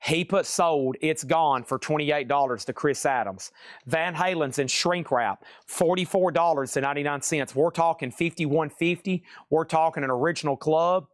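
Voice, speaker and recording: A man hosting a live-stream record sale, rattling off prices in quick, excitable patter full of exclamations. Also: on the high side, no room sound, clean studio sound.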